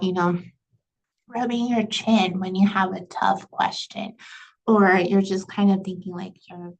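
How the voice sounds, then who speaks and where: A woman teaching a recorded class lecture with a slightly gravelly, fry-tinged voice. She talks casually and conversationally, leaning on "you know" and "right". Her pitch sits in a middle range for a woman. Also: rough recording. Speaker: instructor.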